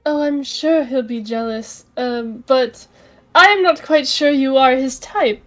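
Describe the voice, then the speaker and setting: A woman's voice: high voice, unhurried, faint music behind. A woman player in a tabletop role-play, hesitant and playful.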